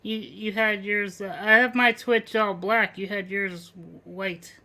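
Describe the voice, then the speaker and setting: A man co-hosting a live podcast, slow and hesitant, trailing through fillers as he thinks aloud. His voice is fairly high and bright. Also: fairly even intonation, gravelly. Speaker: podcast co-host. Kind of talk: casual live-stream chat.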